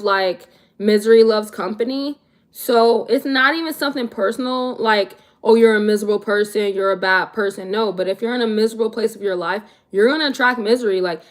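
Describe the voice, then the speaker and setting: A young woman in her twenties chatting casually on a livestream, answering viewers in a laid-back, slangy way. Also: on the high side. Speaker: vlogger answering live chat.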